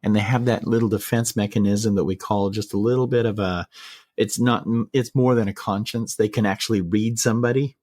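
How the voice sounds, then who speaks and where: A man hosting a podcast, retelling a personal story in casual chat, measured and full of quoted dialogue. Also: lowish voice, steady tone, a little mellow, dry recording.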